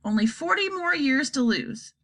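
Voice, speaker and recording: Brief: eccentric chirpy candy-maker man, voiced by a woman, theatrical, bouncy pitch. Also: lively intonation, a bit bright. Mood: breezy. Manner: brisk, theatrical.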